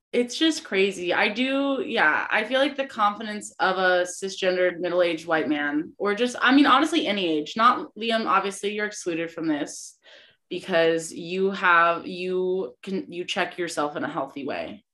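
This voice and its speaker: A woman's voice: on the low side, expressive, unhurried, fairly bright tone. A young woman hosting a podcast in casual chat, rambling with lots of fillers and giggles. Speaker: podcast host.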